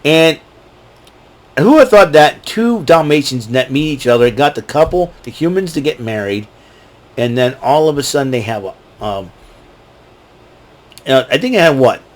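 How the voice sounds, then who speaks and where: A man talks casually and at length, circling back on himself with lots of "you know" and "uh" as he goes through a ranked list of his favorite films. His voice sits at an ordinary middle pitch. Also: expressive, normal speed, pauses often. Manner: rambling, many fillers and restarts, breaks into quoted movie lines. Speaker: host ranking favorite films. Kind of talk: casual solo commentary.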